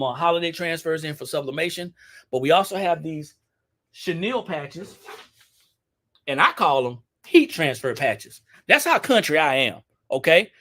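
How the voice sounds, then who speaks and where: A man with a Southern Louisiana accent runs a casual live-stream demo, his voice pitched high and sounding bright and sharp. He chats with his viewers, repeating himself as he goes. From Baton Rouge, Louisiana. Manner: chatty, repeats himself, addresses viewers directly. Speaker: shop owner hosting a live sale.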